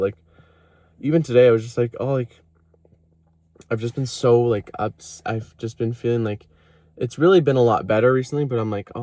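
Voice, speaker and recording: A man's voice: lowish voice, a little mellow, dry recording. A young man talking candidly to camera about self-worth and therapy, rambling with many fillers and quoting himself with laughs. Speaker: vlogger. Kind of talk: candid confessional vlog.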